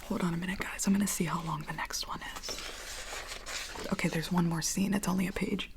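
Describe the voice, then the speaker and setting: A woman ASMR host reading a script aloud in soft whispered role-play on a binaural mic, with casual chatty asides. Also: on the low side, steady tone, a little fast, vocal fry, noisy background.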